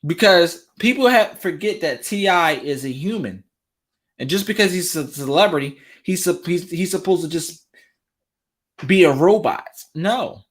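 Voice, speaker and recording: A man hosts a talk show and gives casual commentary straight to his viewers. He is animated and repeats phrases over and over for emphasis. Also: fairly high pitch, measured pace. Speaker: relationship talk show host.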